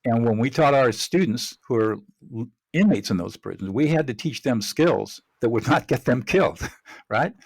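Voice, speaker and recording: A man's voice: medium pitch, expressive, moderate pace, slightly rough. A man speaking as a podcast guest, earnest and explanatory, with a mid-range voice. The sound is dry and close, with no room echo. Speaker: guest, mediator and trainer. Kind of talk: podcast interview.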